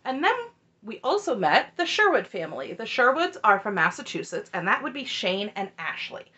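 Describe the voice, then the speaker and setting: A woman of middle pitch talks through a reality TV episode in a chatty, casual way, adding dry and opinionated asides as she goes. The recording is a little dull and lo-fi. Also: big pitch swings, normal speed, bright, forceful tone. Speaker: reality TV recap host. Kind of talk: casual TV recap commentary.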